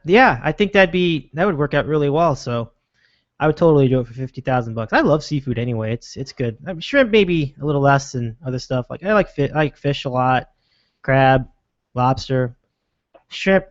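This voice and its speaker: A man's voice: medium pitch, a little fast, dry recording, dull audio. A man hosting a casual sports podcast, often restarting his words as he chats. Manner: hesitant, repeats words, animated. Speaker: podcast host.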